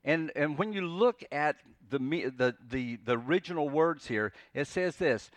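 A man preaching a sermon in a conversational way, dropping to a soft, pleading voice when quoting scripture. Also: a little high, animated, moderate pace, dry recording. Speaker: pastor.

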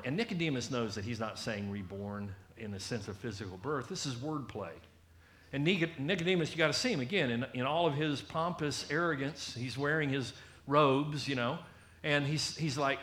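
A man preaching a sermon in a conversational, animated way, often acting out the people he quotes. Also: mid-range voice, fairly quick, roomy sound.

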